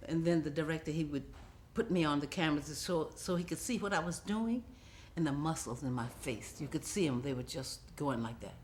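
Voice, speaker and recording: Woman in her 70s, from the US, reminiscing, animated storyteller, frequent laughs. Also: sits low, fairly quick, few pauses, a little hiss or hum. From United States. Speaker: interviewee, film actress. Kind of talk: reminiscing interview.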